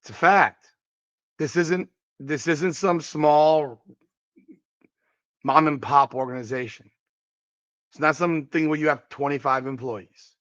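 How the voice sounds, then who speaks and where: A man's voice: on the high side, a bit bright, no room sound, dull audio. A man hosting a podcast, giving emphatic sports commentary on a clip and repeating his points for weight. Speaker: podcast host.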